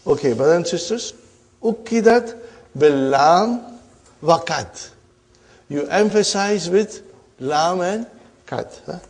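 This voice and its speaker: A man's voice: high voice, lively intonation, takes it slowly, pauses often. A man teaching a classroom grammar lesson. He explains term by term, drills students with repeated questions and keeps checking with "huh?" and "are you with me?".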